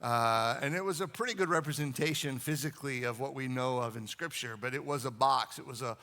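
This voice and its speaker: A man's voice: medium pitch, fairly quick, pushed and bright. A man who is a pastor, preaching a sermon in a conversational, storytelling way, with asides to the congregation.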